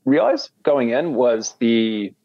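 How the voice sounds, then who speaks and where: A man's voice: mid-range voice, very animated, takes it slowly, no echo. An American man talking casually as an interview guest, rambling with many restarts. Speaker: guest, commodity trader. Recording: dull, dry sound.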